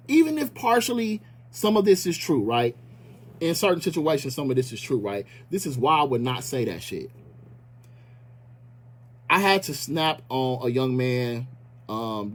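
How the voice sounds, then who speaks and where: A man from Milwaukee, a community activist, talking bluntly and passionately with a lot of profanity. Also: high-pitched. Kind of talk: impassioned casual talk.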